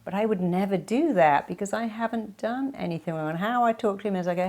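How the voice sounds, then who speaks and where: A woman's voice: medium pitch, fast talker, hardly any pauses, darkish tone. A middle-aged woman giving self-help advice straight to camera, in an emphatic way, often acting out quoted speech. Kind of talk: direct-to-camera advice talk.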